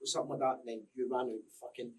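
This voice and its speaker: A man hosting a podcast, chatting with excitable, laughing banter. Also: mid-range voice, very fast, far from the mic. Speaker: podcast host. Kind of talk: casual podcast chat.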